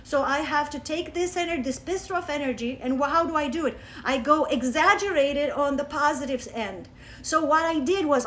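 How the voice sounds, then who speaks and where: A woman from Romania, teaching spirituality on a livestream through animated personal stories and emphatic swings down to soft asides. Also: high-pitched, fairly quick, slight background noise. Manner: animated, storytelling, emphatic with sudden soft drops. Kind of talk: live-streamed teaching talk with personal stories. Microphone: phone.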